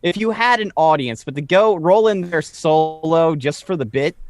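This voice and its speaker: A man's voice: fairly high pitch, normal speed, darkish tone, no echo, clean studio sound. A man co-hosting a podcast, sardonic and given to ranting with repeated phrases. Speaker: podcast co-host. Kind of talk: casual podcast banter.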